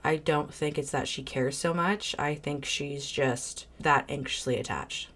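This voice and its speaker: A woman with a notably low voice hosts a reaction video. She comments bluntly and with firm opinions, pausing to read viewer messages aloud. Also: fairly even intonation, a bit bright. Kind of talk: casual commentary reacting to a clip.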